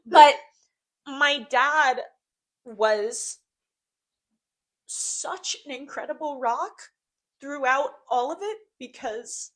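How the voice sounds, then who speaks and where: A woman's voice: sits high, drawn-out words, long pauses. A young woman co-hosting a casual podcast, talking in a heartfelt way, repeating phrases and saying "like" often. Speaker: podcast co-host.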